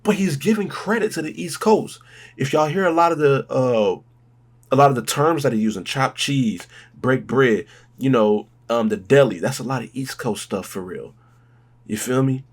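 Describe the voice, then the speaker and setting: A man hosting a music reaction video, talking in an excitable, rambling way with drawn-out, emphatic exclamations. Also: mid-range voice. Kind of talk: casual music reaction commentary.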